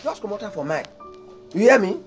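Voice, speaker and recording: An actor playing a loud, bossy father and husband in a Nollywood comedy, speaking with a Nigerian accent and breaking into shouts. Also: sits high, big pitch swings, a little fast, soft background music. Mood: boastful. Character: blustering proud father of a stubborn son.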